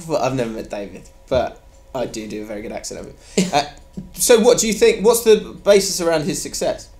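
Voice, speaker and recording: A man hosting a casual football podcast, chatty and quick to laugh. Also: fairly high pitch, a little mellow. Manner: laughs often, loose and chatty. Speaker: podcast host.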